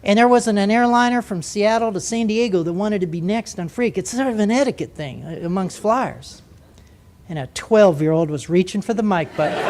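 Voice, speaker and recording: A man's voice: high voice, a little fast, slight background noise. An older man, a former military pilot, telling a humorous story to a live audience and acting out the voices. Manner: animated, humorous, acts out voices.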